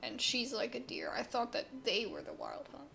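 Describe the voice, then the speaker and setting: A woman's voice: fairly high pitch, wildly swooping pitch, moderate pace, creaky, pushed and bright, a little hiss or hum. A woman streamer chatting casually and rambling while playing a game. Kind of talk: casual gameplay commentary.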